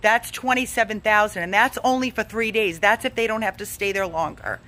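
A woman who heads an animal rescue makes an urgent, emotionally drained appeal for donations. Her mid-range voice is brisk and sharp in tone, and she begs, pleading over and over and repeating herself.

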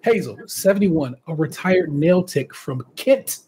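A man's voice: fairly high pitch, expressive, unhurried, dark tone, slightly rough. A man hosting a casual podcast, reading out contestant bios and breaking off for chatty asides and laughter. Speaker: podcast host.

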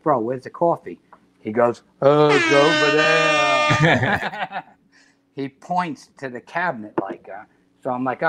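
A middle-aged man, a podcast guest telling profane, animated stories in casual chat. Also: medium pitch, slight background noise. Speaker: podcast guest, retired fire chief.

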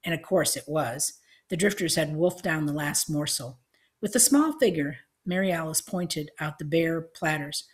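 A woman reading an audiobook, narrating with measured storytelling. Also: low-pitched, animated, husky.

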